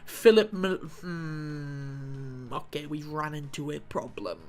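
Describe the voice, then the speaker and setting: A man's voice: a little high, takes it slowly. A man commentating on his own football video game match, swearing and flaring up at the play. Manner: swearing, excitable outbursts at the game. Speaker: gaming YouTuber. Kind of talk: gameplay commentary.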